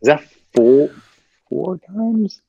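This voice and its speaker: Laughing frequently, a male guest actor acts out the characters in a lively anecdote. He speaks slowly in a fairly high, gravelly voice. The sound is lo-fi and free of echo.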